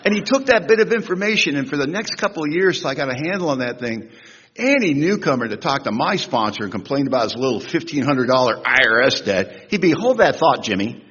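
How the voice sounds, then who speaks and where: A husky man in his sixties speaking at a recovery convention, telling humorous, animated stories with big swings in pitch and loudness. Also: fast talker. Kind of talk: storytelling talk at a recovery convention. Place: large convention hall. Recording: echoey hall, dull lo-fi sound.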